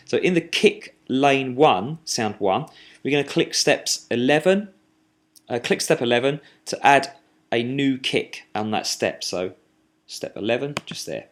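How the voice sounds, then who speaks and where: Male tutor, mid pitch, halting walkthrough of music software while clicking. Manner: talks while clicking, halting with fillers and restarts. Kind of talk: screen-recorded software tutorial.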